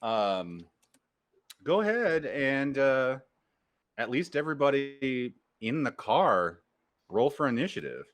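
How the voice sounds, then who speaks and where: A man acting as game master, calmly narrating a tabletop game over a video call. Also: mid-range voice, slow pace, slight background noise.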